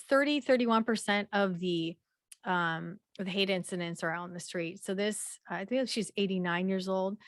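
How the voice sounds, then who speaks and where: A woman presenting a slideshow workshop in a conversational way, with frequent fillers and repeated throat clearing. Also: medium pitch, a bit bright, no room sound, clean studio sound.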